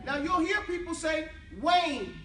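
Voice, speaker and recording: Man teaching a class, high voice, casual joking drills, echoey room, mic far off, students heard around him. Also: expressive, measured pace, crowd noise. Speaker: Arabic teacher.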